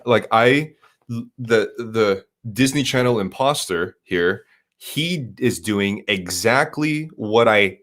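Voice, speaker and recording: A man's voice: medium pitch, a bit bright. A young man from Southern California, a co-host talking in an intense, rambling, profane way. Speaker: podcast co-host. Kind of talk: casual chat.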